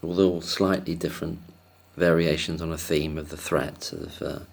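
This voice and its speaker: A man's voice: extremely low pitch, little pitch movement, moderate pace, gravelly. A man telling a casual, rambling story to camera, hesitant and self-deprecating, chuckling often. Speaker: vlogger.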